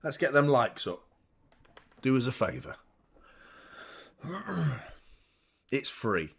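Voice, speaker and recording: A man's voice: medium pitch, big pitch swings, slow, vocal fry, fairly bright tone, husky. A young man hosting a live football watchalong, commenting on the match and swearing freely as he gets heated.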